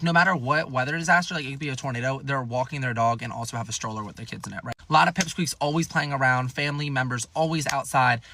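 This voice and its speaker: A man's voice: on the high side, pushed and bright, a little hiss or hum. A man telling a storytime in a chatty, sassy way, swearing and exaggerating for fun. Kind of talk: casual storytime.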